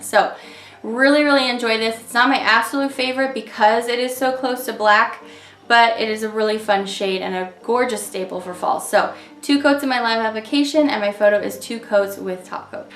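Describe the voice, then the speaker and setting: A woman's voice: mid-range voice, a bit bright, reverberant. A woman talking casually and enthusiastically as she reviews nail polish shades, with chatty fillers.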